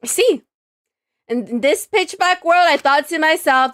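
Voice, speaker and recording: A woman streamer playing a visual novel, reading the game's lines aloud and chatting with viewers in an animated, dramatic way. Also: sits high, a little slow. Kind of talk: reading game text aloud and reacting. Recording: faint game music behind.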